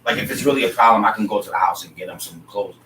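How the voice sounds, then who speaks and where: A man and father co-hosting a casual talk show, thinking out loud in a relaxed and reflective way about parenting. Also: lowish voice, rapid-fire. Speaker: podcast co-host, father. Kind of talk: casual chat. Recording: roomy, distant mic with faint noise.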